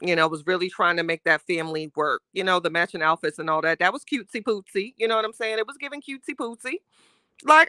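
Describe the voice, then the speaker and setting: A woman's voice: lowish voice, fast, no room sound, studio quality. A woman hosting a casual livestream, reading chat and talking with sass, laughing often. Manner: sassy, animated, laughing often, Southern Black American slang.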